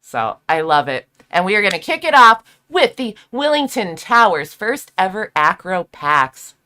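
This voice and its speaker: A woman's voice: medium pitch, sing-song, a little slow, bright, forceful tone. A woman hosting a casual live stream, upbeat and slangy, laughing often. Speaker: stream host.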